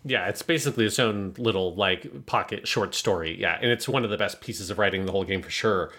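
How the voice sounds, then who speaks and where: A man's voice: lowish voice, fast, a bit bright. A man co-hosting a podcast, analyzing a story in a casual, thinking-aloud way. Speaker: podcast co-host. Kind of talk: casual podcast review chat.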